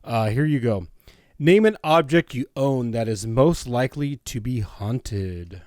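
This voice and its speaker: A man's voice: medium pitch, lively intonation, measured pace, darkish tone, no room sound. Casting: blunt man, heavy swearing, casual podcast co-host, dry close sound. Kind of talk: casual chat.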